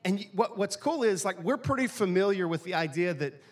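A pastor delivers his sermon like a chat with friends, full of jokes and asides. His voice sits a little higher than most men's. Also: lively intonation, fairly quick. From East Texas, USA. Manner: casual, joking, conversational preaching.

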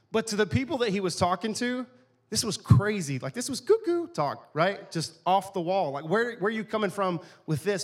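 A pastor delivers his sermon like a chat with friends, full of jokes and asides. His voice sits a little higher than most men's. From East Texas, USA. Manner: casual, joking, conversational preaching.

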